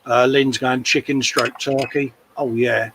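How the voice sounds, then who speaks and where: A man's voice: medium pitch, flat delivery, a little slow, noisy background. An older man chatting casually at his workbench, laughing often and reading out viewer comments. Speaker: co-host. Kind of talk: casual livestream chat. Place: home workshop.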